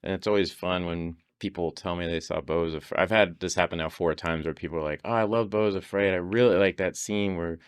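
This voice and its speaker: A man's voice: low-pitched, steady tone, fast, hardly any pauses, clean tone, no echo, studio quality. A man on a podcast telling stories in casual conversation, laughing often and acting out the voices of people he quotes. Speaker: podcast guest.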